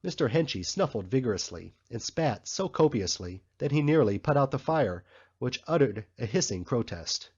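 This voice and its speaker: A man narrating an audiobook in a measured, even storytelling manner. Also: medium pitch, slightly rough. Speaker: audiobook reader. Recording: slightly muffled recording.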